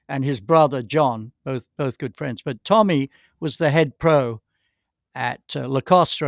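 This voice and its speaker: A man's voice: mid-range voice, creaky, no echo, clean studio sound. An older man, a podcast guest, telling long rambling anecdotes with many restarts and acted-out quotes. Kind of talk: anecdotal storytelling.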